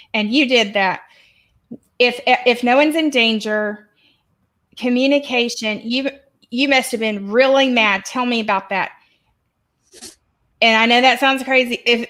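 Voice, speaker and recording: Female podcast host, slightly high voice, measured parenting advice with pauses. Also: fairly bright tone. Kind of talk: casual podcast chat.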